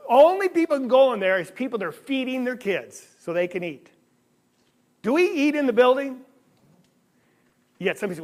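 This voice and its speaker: A man teaching a Bible class in a church hall, animated and asking the listeners questions. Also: sits high, normal speed. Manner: animated, asks the audience questions. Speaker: preacher.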